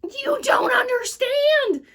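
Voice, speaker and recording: Woman playing young boy, frantic, high-pitched, shouting, storybook. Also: animated, moderate pace. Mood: urgent. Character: excited young boy, desperate and earnest.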